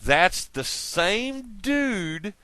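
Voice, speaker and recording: A man talks in a loose, rambling monologue, his pitch leaping up and down as he goes. He swears freely, laughs at his own jokes and wanders from one tangent to the next. The sound is dry and close, with no room around it. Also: sing-song, very slow, pushed and bright, clear, resonant tone, dry recording. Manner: profane, laughing, jumps between tangents. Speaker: vlogger.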